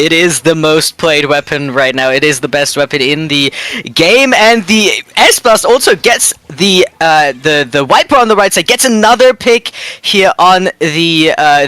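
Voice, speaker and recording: A German man commentating an esports tournament livestream, chatty and quick to laugh at himself. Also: fairly high pitch, pushed and bright, no room sound.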